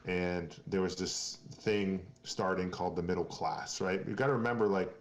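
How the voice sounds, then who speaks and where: A man from Maine talks as a guest on a casual podcast, earnest and rambling, often restarting his sentences. His voice sits low. The room adds a noticeable echo. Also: fairly even intonation, normal speed. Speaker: guest, company founder.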